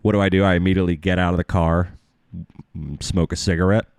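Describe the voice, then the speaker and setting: A man's voice: low voice, level tone, quick pace, darkish tone, clean tone, no echo, clean studio sound. A man hosting a casual show, telling a crude, self-mocking story about falling ill. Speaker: show host.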